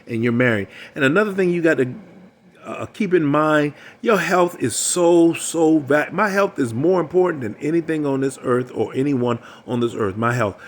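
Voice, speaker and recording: A man's voice: on the high side, moderate pace. An older man coaching on relationships in a preachy, emphatic monologue, often repeating his phrases. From United States.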